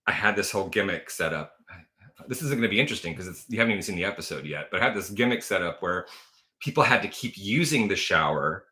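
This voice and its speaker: A man's voice: low-pitched, bright, forceful tone. A man in his forties hosting a casual livestream from home, chatty and gushing, laughing often and answering viewer comments. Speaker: livestream host.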